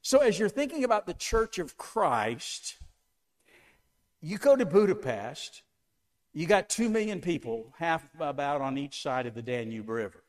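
A man's voice: a little high, big pitch swings, a little slow. A man preaching a sermon to a congregation, asking them one question after another with an emphatic delivery. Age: older.

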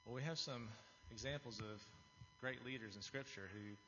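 A man's voice: mid-range voice, normal speed, pushed and bright, slight background noise. Earnest man preaching in a hall. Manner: earnest, confessional, often restarting phrases. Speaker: lay speaker giving a testimony. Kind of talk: church testimony sermon. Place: church hall with an audience. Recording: dull, reverberant hall recording.

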